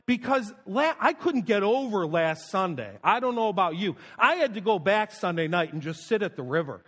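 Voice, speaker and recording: A man's voice: high-pitched, animated, moderate pace, a bit bright, long reverb tail. A male pastor preaching and praying in a casual, self-deprecating storytelling manner in a church. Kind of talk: sermon with prayer and announcements. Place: church sanctuary.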